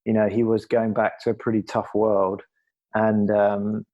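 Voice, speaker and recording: A middle-aged man from England talks candidly in an interview, his low voice staying level and even. He is earnest and reflective, and he often circles back and restarts phrases as he gathers his thoughts. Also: unhurried, muffled recording. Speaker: podcast guest, former athlete.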